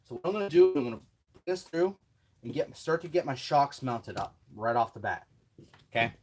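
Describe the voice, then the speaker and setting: A man's voice: medium pitch, big pitch swings, brisk, darkish tone. A man hosting a hands-on build tutorial, chatting casually and talking himself through each step with self-deprecating asides, at a home workbench. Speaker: RC hobby tutorial host.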